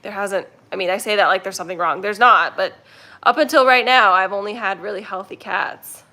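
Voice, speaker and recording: A woman's voice: mid-range voice, fairly quick, bright, forceful tone. A young woman hosting a casual livestream, chatting and reading viewer comments in a rambling way while talking to her cats. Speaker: kitten rescue livestream host.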